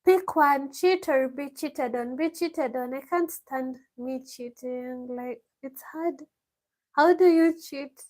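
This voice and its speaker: A woman's voice: sits high, takes it slowly, darkish tone. A woman answering viewer questions in a casual live stream from a village home, reading each question aloud and then answering, laughing often.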